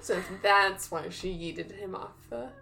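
Slow-talking bright-voiced woman chatting. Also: mid-range voice, creaky. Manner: chatty, laughs often, restarts sentences. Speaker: podcast co-host. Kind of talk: casual chat.

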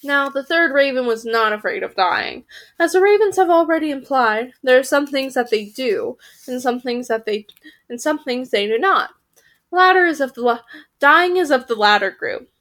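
A woman with a slightly high voice reads a storybook aloud for her podcast. She keeps the telling lively and now and then trips over a word, corrects it and goes on. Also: moderate pace. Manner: lively, occasionally stumbling and correcting herself. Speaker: podcast reader.

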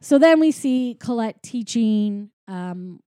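Mellow-voiced woman casually recapping a film. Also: on the high side, lively intonation, slow pace, clear, resonant tone, no echo, studio quality. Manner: rambling, filler-heavy storytelling.

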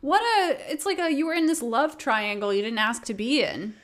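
A woman's voice: high-pitched, normal speed. A woman hosting a podcast in casual chat, supportive, with short agreeing replies. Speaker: podcast host.

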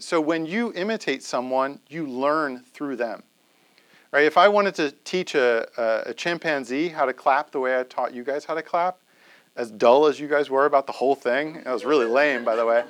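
A man's voice: on the high side, a bit bright. A man giving a conversational classroom lecture to a live audience, often checking in with "right?".

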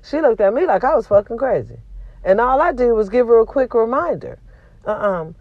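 Venting bluntly and with plenty of profanity, a woman hosts a casual vlog while nursing a cold-induced sore throat. Her fairly high voice is very animated and a bit fast, swinging between loud and quiet, on a dry recording with narrow, tinny audio.

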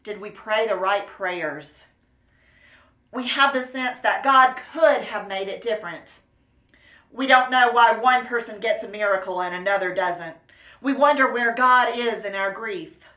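Woman, sermon, mid pitch, earnest measured delivery, echoey room. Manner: earnest, measured, gently emphatic. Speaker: preacher. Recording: roomy echo.

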